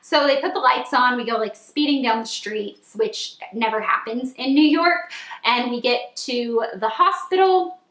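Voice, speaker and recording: A woman in her twenties telling a long storytime vlog, chatty and animated, with lots of "like" and squealed quotes. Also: fairly high pitch, unhurried, echoey room. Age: 20s. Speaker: vlogger.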